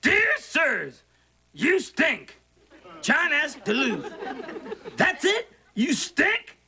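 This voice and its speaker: A man's voice: very high-pitched, huge pitch swings, drawn-out words, gravelly, bright, forceful tone, heavily acted. A man voicing a sardonic, foul-tempered male stuffed bunny who talks in a snide, sarcastic, mock-dramatic way.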